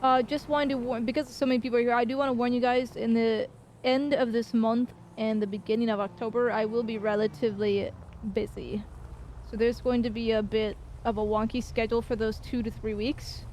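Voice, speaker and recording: A woman's voice: a little high, flat delivery, fairly quick, a little mellow, slight background noise. Chatty woman streamer, light voice. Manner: loose and chatty with swearing and filler hesitations. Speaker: game streamer. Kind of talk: casual chat with viewers.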